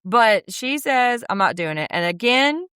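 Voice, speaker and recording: A woman co-hosting a casual chat, retelling events in an animated, emphatic way and swearing freely. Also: on the high side, a little slow, smooth, no room sound. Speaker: podcast co-host. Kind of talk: casual chat recapping a reality show.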